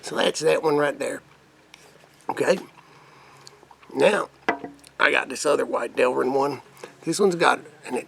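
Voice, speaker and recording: Gravelly, foul-mouthed man rambling. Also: on the high side, fairly bright tone, a little hiss or hum. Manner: profane, crude, rambling; put-on rough redneck persona. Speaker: vape mod reviewer. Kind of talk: casual product demo vlog.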